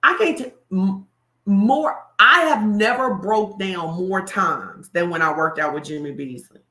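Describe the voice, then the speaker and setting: Bright, animated woman preaching in an echoey room. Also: mid-range voice, measured pace. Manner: animated, colloquial, addresses the crowd directly. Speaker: pastor. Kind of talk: sermon-style motivational talk.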